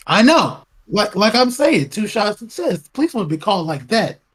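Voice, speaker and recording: Husky excitable man on a podcast. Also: high-pitched, moderate pace. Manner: excitable, interrupts, stammers restarts. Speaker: podcast co-host. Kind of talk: heated casual podcast talk.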